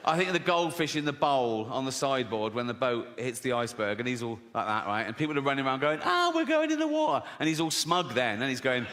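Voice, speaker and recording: Male comedian, bright forceful voice, live hall reverb, faint crowd noise. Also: mid-range voice, fast talker, few pauses. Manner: laughs at his own jokes, acts out voices. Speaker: stand-up comedian. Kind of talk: stand-up comedy set. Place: large live venue before an audience.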